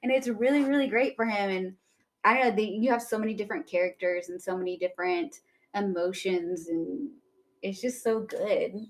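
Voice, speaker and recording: A young woman co-hosting a podcast in casual chat, animated and quick to act out characters' lines. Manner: animated, acts out characters' lines in quick shifts of pitch and volume. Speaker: podcast co-host.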